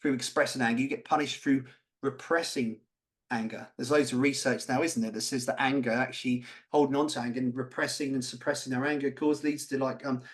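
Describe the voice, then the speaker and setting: A man's voice: medium pitch, steady tone, brisk. A man co-hosting a podcast, talking candidly and passionately, swearing freely. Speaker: podcast co-host. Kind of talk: candid conversational chat.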